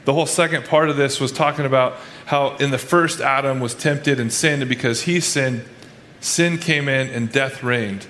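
There's a bit of hiss or hum as a pastor gives an informal sermon at a moderate pace. His voice is medium in pitch and a touch bright, and his conversational preaching is full of restarts and quoted asides that play out people's private thoughts.

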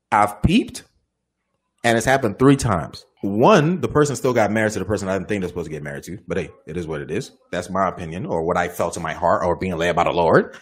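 A man with a low, slightly husky voice talks through a question like a minister giving advice. He is relaxed and conversational but very animated, jumping up in pitch to mimic the people in his stories. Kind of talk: casual Q&A advice talk.

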